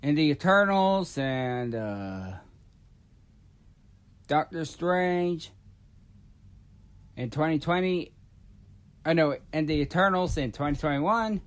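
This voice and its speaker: Male vlogger, high voice, unhurried, halting casual rant with lots of fillers. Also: lively intonation. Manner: rambling, halting, many fillers and restarts. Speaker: YouTube vlogger.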